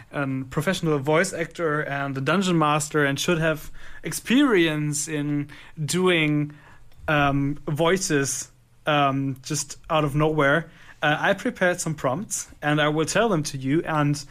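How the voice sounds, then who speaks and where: A man's voice: a little high, fairly even intonation, takes it slowly, a bit bright, clean tone. A man hosting a casual radio interview, upbeat and chatty. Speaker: radio host.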